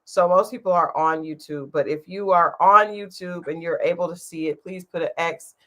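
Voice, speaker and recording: A woman's voice: fairly low pitch, normal speed, pushed and bright. A woman co-hosting a live-streamed chat show, talking casually, laughing often and trailing off mid-thought. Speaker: podcast co-host.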